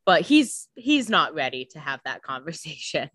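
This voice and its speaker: Low, bright-voiced woman chatting casually. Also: very animated, moderate pace, slightly rough, no room sound. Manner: chatty, fillers of "like", swears casually. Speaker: podcast co-host recapping a TV episode. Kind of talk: casual chat.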